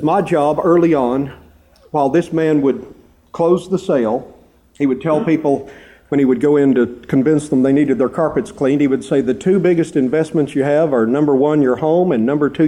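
A male preacher delivers a sermon, moving from story into scripture. His voice sits a little high and sounds very dark and mellow, and he stretches out key words for emphasis. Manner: animated storytelling, rising pitch for emphasis.

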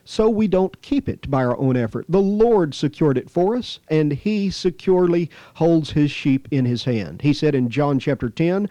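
A man's voice: a little high, warm tone, no echo. A man preaching a sermon with scripture readings, earnest and emphatic, rising on key phrases. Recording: slightly dull lo-fi dry recording.

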